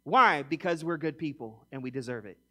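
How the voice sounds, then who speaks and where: A man in his forties preaching a sermon, emphatic, swinging between loud punchy lines and quiet low ones, acting out mock quotes with humor. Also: a little fast. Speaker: pastor.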